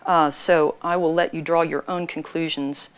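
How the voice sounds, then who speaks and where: A middle-aged woman, hoarse from a cold, giving a measured talk to an audience with dry, pointed asides. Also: low voice, fairly even intonation. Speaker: public speaker.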